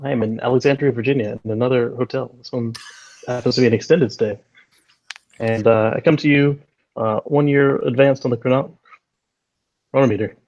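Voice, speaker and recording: A man's voice: mid-range voice, steady tone, a little fast, long pauses, a little mellow, muffled recording. A man joining a casual panel show over a video call from a hotel room, laid-back and wry.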